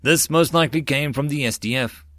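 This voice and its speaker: Man reading as gruff marine squad leader. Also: mid-range voice, fairly quick, fairly bright tone, no room sound, studio quality, pitched above the performer's own voice, close to an everyday voice. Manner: barks orders.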